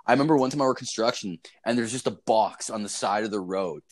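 A man's voice: on the low side, quick pace. Profane rambling man telling stories. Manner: profane, rambling, animated storytelling. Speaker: storyteller in casual chat. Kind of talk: casual chat. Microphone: online voice call.

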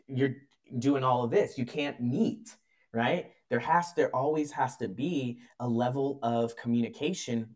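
A man's voice: medium pitch, a little mellow. A man talking as a mindset coach guest in a casual podcast conversation. He is earnest, repeats his phrases and often checks in with "right?".

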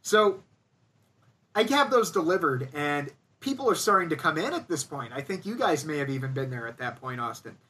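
A man's voice: fairly high pitch, sing-song, normal speed, bright, forceful tone, recorded from a distance. A young man casually telling a funny story, animatedly acting out other people's lines. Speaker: storyteller guest. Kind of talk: casual anecdote on a podcast.

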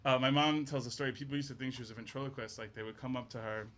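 A man interviewed as a guest actor, telling lively, animated stories about his childhood. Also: medium pitch, very fast, noisy background. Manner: animated storyteller, playful impressions. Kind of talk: casual interview chat.

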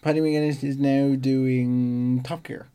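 A man co-hosting a casual chat show, relaxed and self-deprecating, often trailing off into fillers. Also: mid-range voice, takes it slowly, clean tone. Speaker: podcast co-host.

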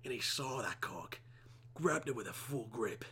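A man's voice: medium pitch, lively intonation, measured pace, bright, forceful tone, breathy edge, pitched below the performer's own voice, exaggerated voice. A man doing a crude, boastful British bloke. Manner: swaggering, vulgar storytelling.

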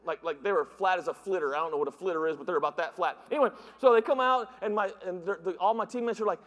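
A man's voice: high-pitched, expressive, quick pace, hardly any pauses, a bit bright. A middle-aged man from the northern United States preaching a humorous sermon in a church, joking and mimicking voices as he tells stories. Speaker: pastor. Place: church sanctuary. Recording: reverberant church hall.

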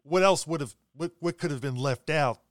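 A man's voice: fairly high pitch, moderate pace, no echo. Man interviewer, dry close sound. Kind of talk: casual interview.

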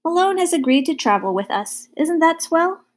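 Courtly giant of a hobo with a dark beard, gentle and unhurried, put on by a woman narrator. Storybook read-aloud. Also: extremely high pitch, big pitch swings, voice pushed up. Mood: kindly. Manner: formal, fond, unhurried speech.

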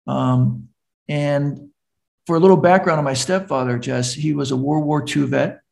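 A middle-aged man who works as a recovery coach earnestly tells his personal story as a podcast guest, acting out the voices of the people in it. His slightly high voice is gravelly and a little mellow, with fairly even intonation and an unhurried pace.

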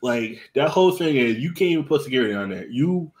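A man's voice: mid-range voice, lively intonation, fast, a little mellow. A man, hosting a podcast in casual chat, telling profane, repetitive stories. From US East Coast. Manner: profane, repetitive storytelling with acted-out quotes. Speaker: podcast host.

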